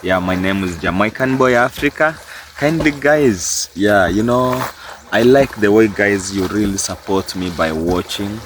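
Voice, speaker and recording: Male vlogger, outdoors at a dam, slow sing-song hype delivery, noisy background. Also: fairly low pitch. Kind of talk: casual outdoor vlog.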